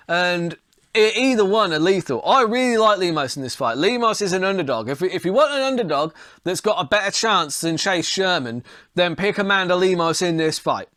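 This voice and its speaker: A man's voice: high-pitched, pushed and bright, no room sound, clean studio sound. A man giving a casual, rambling fight breakdown and betting pick, swearing now and then. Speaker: fight analyst and tipster.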